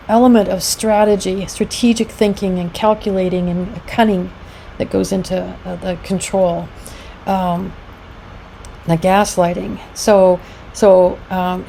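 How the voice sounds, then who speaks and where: A woman's voice: medium pitch, vocal fry, dark tone, slight background noise, low-quality recording. A middle-aged woman giving a conversational educational talk about abuse, with frequent fillers, and she acts out quoted lines as she goes. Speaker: founder of a domestic abuse support group, presenter.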